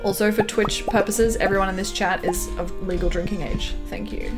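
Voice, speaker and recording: A woman's voice: medium pitch, fairly even intonation, normal speed. A young Canadian woman streaming a farming game, chatting casually and reading her chat aloud with frequent giggles. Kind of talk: casual live-stream chat while gaming. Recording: clear game music under the voice. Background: game music.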